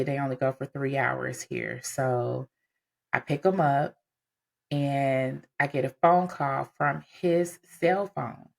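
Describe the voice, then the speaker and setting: A woman with a low, gravelly voice tells a personal story in a relaxed, conversational way, casual and animated, filling gaps with "um" and "you know." She sounds like a podcast host speaking directly to her listeners.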